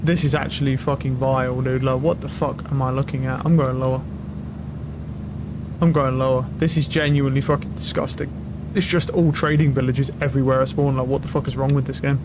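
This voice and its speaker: A young man streaming a game, talking loudly and excitably with lots of swearing to his chat and a friend. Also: mid-range voice, brisk, background noise. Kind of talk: casual live-stream commentary. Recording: game music loud behind voice. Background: game music.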